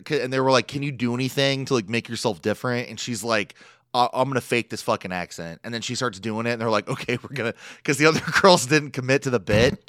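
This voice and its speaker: A man's voice: medium pitch, a bit bright, no echo, clean studio sound. A young man co-hosting a podcast, chatting casually in a rambling way full of fillers and frequent laughs. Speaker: podcast co-host. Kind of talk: casual chat recapping a reality show.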